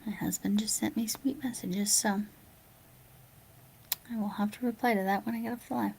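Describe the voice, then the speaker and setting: A sleepy woman talks casually through a late-night livestream, reading out viewer comments and answering them. Her voice has a gravelly, fried edge, and she often slips into a soft near-whisper. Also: mid-range voice, fairly even intonation, normal speed, a little hiss or hum. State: sleepy, yawning. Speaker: live streamer.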